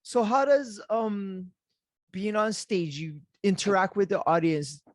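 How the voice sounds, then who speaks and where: High-pitched guy hosting a podcast, loose and chatty, lots of "like", dry close mic. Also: unhurried, no echo. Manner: easygoing, chatty, laughs a lot, many "like" fillers. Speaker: podcast host. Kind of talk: casual interview chat.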